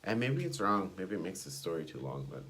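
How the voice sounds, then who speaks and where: A man's voice: low-pitched, sing-song, brisk, a bit bright, slight background noise. A young man vlogging a personal story, rambling and digressing with many fillers. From United States. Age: young adult.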